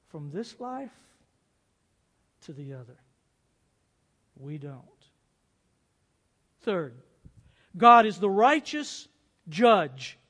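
A man preaching a sermon as pastor, earnest, swinging from loud pleas to hushed, quiet passages. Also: very high-pitched. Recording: long hall reverb.

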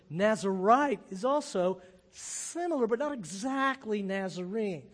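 A man's voice: sits high, animated, measured pace. A man, a pastor, gives a thoughtful, conversational sermon in a large reverberant room.

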